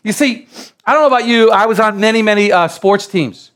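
Male preacher, middle-aged, from the United States, high voice, animated sermon that climbs to shouts. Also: fast talker. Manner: animated preaching, builds to loud exclamations; repeats and restarts phrases while building up.

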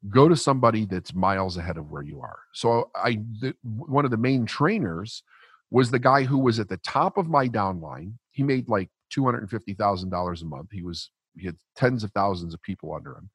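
A man's voice: medium pitch, husky, dry recording. A man telling a blunt, profane story in conversation as a podcast guest.

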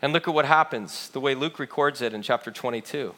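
With a mid-range voice, a man preaches as a pastor, recounting the story with drama. He swings from loud, rapid stretches to quiet, slow ones.

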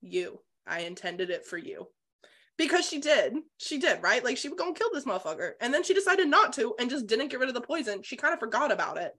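A woman co-hosting a casual book-club podcast, retelling the plot in an animated way and swearing freely. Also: sits high, quick pace, hardly any pauses, husky. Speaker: podcast co-host.

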